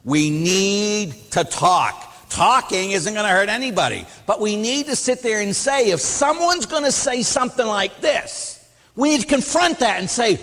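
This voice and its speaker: A man, a Catholic priest, preaching a sermon in an animated, emphatic, anecdotal way. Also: high-pitched, unhurried. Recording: long reverb of a hall.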